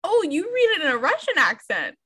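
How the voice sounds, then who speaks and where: A woman's voice: very high voice, huge pitch swings, fairly quick, bright, forceful tone. A young woman co-hosting a podcast, chatting candidly about a book, laughing often and swearing freely. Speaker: podcast co-host. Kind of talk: casual book chat.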